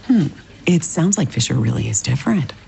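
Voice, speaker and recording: A woman's voice: rumbling low, big pitch swings, a little fast, gravelly, dark tone, a little hiss or hum, heavily acted. A woman performing a skeptical, doubting character in a scripted radio ad. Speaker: ad voice actor.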